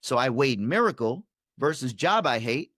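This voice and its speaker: A male coach tells a story in a conversation and voices each person's lines, with his pitch jumping up when he gets excited. His voice sits in an ordinary middle range. The sound is dry and close, with no room around it. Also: moderate pace, no room sound. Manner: acts out dialogue with shifting pitch and energy. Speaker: performance coach, podcast guest.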